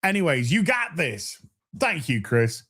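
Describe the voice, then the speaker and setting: A man hosting a casual live stream, reading super chats and answering with profane, animated banter. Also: a little high, a little slow, slightly rough. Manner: animated, profane, warm toward chat.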